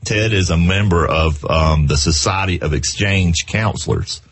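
A man's voice: deep voice, normal speed, a bit bright. A man from South Carolina with a Southern US accent, hosting a radio show in a folksy, chatty way. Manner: folksy, chatty, laughs easily. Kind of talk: casual radio chat.

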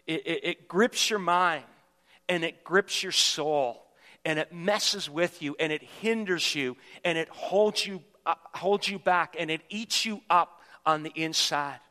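A man's voice: on the high side, a little slow, bright, forceful tone, in a large hall. A man preaching a sermon as pastor, emphatic and repetitive as he builds his points. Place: church sanctuary.

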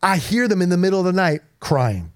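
A male pastor preaching a sermon to his congregation, energetic, repeating himself and calling out to the room. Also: sits high, brisk, clear, resonant tone. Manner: energetic preaching with repetitions and call-outs to the congregation. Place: church in front of a congregation.

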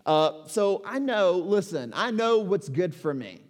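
A pastor in his forties preaches a sermon in a conversational yet emphatic way, posing rhetorical questions. His high voice has a sing-song lilt and an unhurried pace. The recording carries the long reverb of a large hall.

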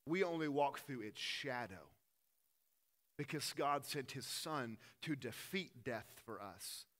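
A male pastor preaching with an animated delivery. His voice is bright and a little high for a man, and it rises and falls between loud emphatic lines and hushed, earnest ones. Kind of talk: sermon.

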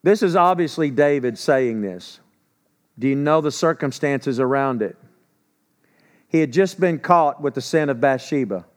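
A man's voice: mid-range voice, lively intonation, measured pace. A man preaching a sermon in a conversational, emphatic way. He asks rhetorical questions and acts out quoted speech in a casual voice. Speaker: pastor.

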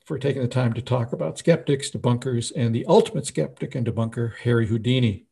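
A man's voice: mid-range voice, quick pace, vocal fry, mellow, husky. A man co-hosting a podcast, chatting in an easygoing way with hesitant fillers. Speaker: podcast co-host. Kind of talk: casual chat.

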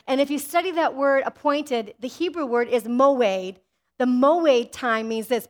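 A woman's voice: high-pitched, unhurried. A woman pastor delivering a sermon with energy, often asking the congregation "amen?" and telling personal stories. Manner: personal storytelling.

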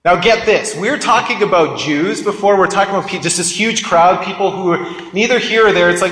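Speaking a little fast in a high, somewhat bright voice, this man delivers a sermon and reads from scripture. His manner is conversational, and he keeps nudging the audience with "get this" and "right?" while the hall echoes and reverberates around him.

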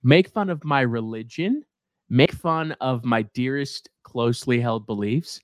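A man's voice: medium pitch, measured pace, no echo, studio quality. A young man co-hosting a podcast in casual, joking chat. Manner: joking, animated. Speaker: podcast co-host.

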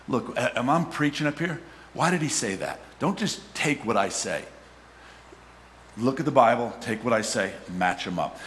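A middle-aged man preaching a sermon as a pastor, talking conversationally and rising to shouts for emphasis. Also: fairly low pitch, a little hiss or hum. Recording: hall reverb, faint ambience.

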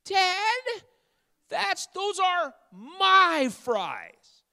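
A man voicing a little girl who cries out that the fries are hers, in a strained high-pitched shout. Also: very animated, drawn-out words, gravelly, big-room sound, exaggerated voice. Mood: whiny, possessive.

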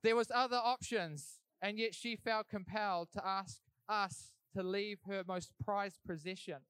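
A man's voice: high-pitched, fairly even intonation, a little slow, a bit bright, clear, resonant tone, dry recording. A young man telling his life story in an earnest, conversational way, as a church speaker giving testimony. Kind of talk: sermon testimony.

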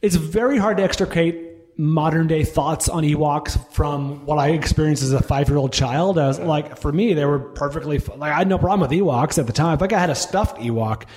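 Talkative forties male host with a slightly high voice who keeps restarting his sentences. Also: fairly quick, a little mellow. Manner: rambling, self-interrupting, lots of restarts. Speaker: podcast host. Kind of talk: casual chat.

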